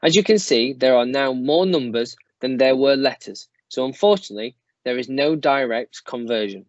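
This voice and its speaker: A man reads a prepared school presentation in a steady, formal, explanatory way, in a middle-pitched voice. The recording is dry and close, with a slightly dull, muffled quality. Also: no room sound. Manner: measured, formal, explanatory delivery. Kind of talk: scripted presentation to parents.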